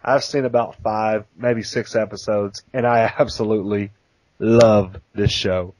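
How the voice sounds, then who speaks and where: A man's voice: fairly low pitch, fairly even intonation, a little slow, a little mellow, dry recording, poor audio. A man co-hosting a podcast, chatting enthusiastically and laughing often as he talks. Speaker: podcast co-host. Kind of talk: casual podcast chat.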